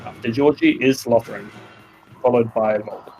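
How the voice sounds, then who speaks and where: An Australian man narrating a tabletop game as game master, with a loose, relaxed delivery full of fillers. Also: mid-range voice, measured pace, soft background music. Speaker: dungeon master. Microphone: podcast microphone.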